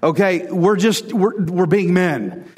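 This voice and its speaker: A man preaching a casual, conversational sermon, animated and repeating phrases for emphasis. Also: high-pitched, slow, breathy edge, long reverb tail. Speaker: pastor.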